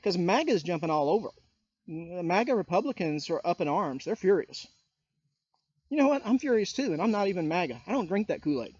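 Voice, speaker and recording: A man's voice: sits high, sing-song, fairly quick, a little mellow, lo-fi sound. A man ranting on his vlog, indignant, calling people out by name and firing rhetorical questions at them. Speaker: YouTuber. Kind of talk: political rant vlog.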